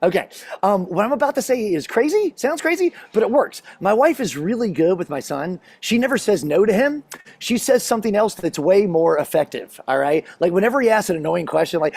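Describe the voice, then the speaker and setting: Male stand-up comic, gravelly and breathy, lively delivery, crowd-working. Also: high-pitched, a little fast, dry recording. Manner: chatty, self-deprecating, works the crowd. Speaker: stand-up comedian. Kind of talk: stand-up comedy set. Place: stage in a comedy venue.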